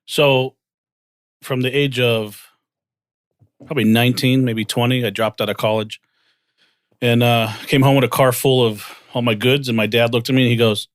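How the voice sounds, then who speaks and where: Here the financial firm co-founder, a man in his forties, speaks at a medium pitch and normal speed, leaving long pauses. He's a guest in a casual interview, animatedly reliving his career and acting out dialogue in quotes. No echo, studio-grade recording.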